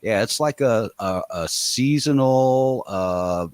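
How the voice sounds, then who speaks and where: A man chatting as a guest on a stream, laid-back and drawn-out in his phrasing. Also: mid-range voice, expressive, a little mellow. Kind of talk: casual chat.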